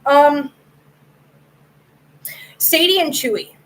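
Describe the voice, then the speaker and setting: A woman's voice: high voice, animated, drawn-out words, fairly bright tone, soft background music, poor audio. A woman hosting a casual livestream, chatting with her viewers by name, laughing often and repeating herself for emphasis. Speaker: host of a cat channel.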